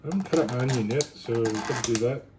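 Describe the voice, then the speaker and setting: Man, home cooking vlogger, rambling chat, average pitch, noisy kitchen recording. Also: quick pace. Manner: rambling, chatty, thinks aloud with restarts.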